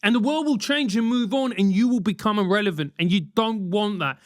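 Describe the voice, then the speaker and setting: A high-pitched man in his forties talks briskly as he hosts a solo podcast, launching into animated rants full of profanity and mock voices. The studio-quality audio has no echo.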